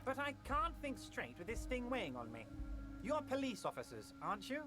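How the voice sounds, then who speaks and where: A smug, scheming union boss, put on by a man reading game lines aloud. His voice sits high and swoops all over as he coats every veiled threat in sugary friendliness. Game music plays clearly beneath him. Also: wildly swooping pitch, normal speed, heavily acted. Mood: oily persuasive. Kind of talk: game dialogue read aloud on stream.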